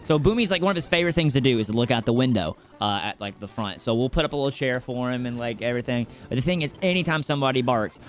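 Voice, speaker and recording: A young man chatting casually while playing a game with a friend, excitable and quick to laugh. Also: medium pitch. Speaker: co-host. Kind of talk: casual gaming chat.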